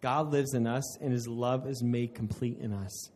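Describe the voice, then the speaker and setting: A man's voice: mid-range voice, fairly even intonation, normal speed, darkish tone, slight background noise. A man preaching a sermon in an earnest way, often restarting mid-phrase and laughing at himself. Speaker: pastor.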